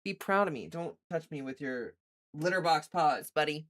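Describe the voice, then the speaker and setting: A woman voicing her male house cat as a smug, pampered pet asking for praise, soft and fussy. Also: low-pitched, normal speed, close to an everyday voice.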